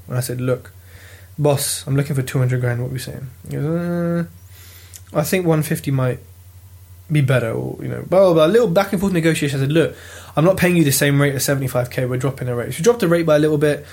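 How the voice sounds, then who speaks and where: A British man telling a property auction story in a lively, casual vlog, swearing freely as he goes. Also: on the high side, quick pace, gravelly. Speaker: property investor vlogger. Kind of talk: casual chat.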